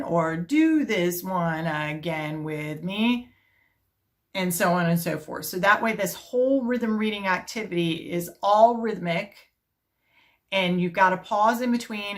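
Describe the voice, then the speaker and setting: A middle-aged woman, an elementary music teacher, explaining her classroom routine step by step and chanting rhythm syllables to a steady beat. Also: medium pitch. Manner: explains step by step in a calm, practical way. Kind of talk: teaching video demonstration.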